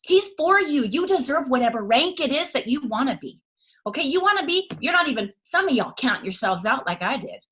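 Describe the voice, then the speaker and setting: A woman's voice: high voice, sing-song, brisk, pushed and bright. A woman giving a fervent, preachy motivational pep talk and repeating her key phrases. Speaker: motivational speaker.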